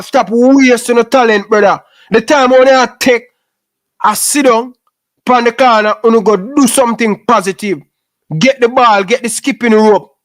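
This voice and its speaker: A man's voice: very high voice, a bit bright. A Jamaican man giving an impassioned, preachy rant in patois, scolding young footballers and repeating his points.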